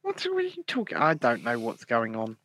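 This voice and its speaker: A man's voice: medium pitch, wildly swooping pitch, moderate pace, fairly bright tone. A man hosting a live stream, sweary and laughing often in casual banter. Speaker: podcast host.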